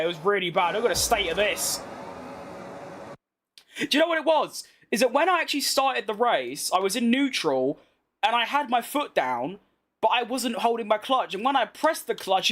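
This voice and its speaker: A young British man whose voice sits high and fairly bright provides casual commentary over racing game footage. As a gaming YouTuber, he reads chat and responds bluntly with slangy banter.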